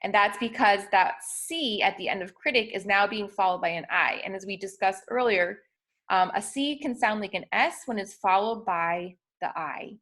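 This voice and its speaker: Speaking at a moderate pace, a young woman teaches spelling rules in a fairly bright, medium-pitched voice. Her delivery is patient and methodical, though she often says "um" and corrects herself in small ways.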